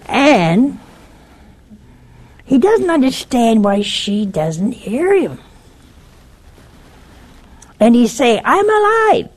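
Her voice fairly high and sing-song, she draws out words and leaves long pauses, the tone somewhat dark. The woman is delivering an informal religious talk on a broadcast network, giving an earnest warning and walking through a story one step at a time.

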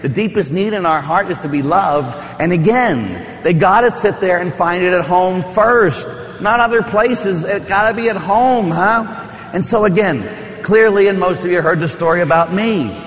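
A man's voice: sits high, normal speed, a bit bright, big-room sound. A man, a Catholic priest giving a conversational, story-filled sermon with asides and rhetorical questions. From Pittsburgh.

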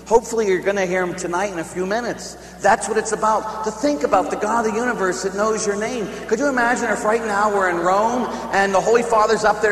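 A priest gives a retreat talk, telling a personal story with acted-out quotes and rising emphasis. His voice is high-pitched and a bit bright, recorded in an echoey hall with long reverb and a faint hum.

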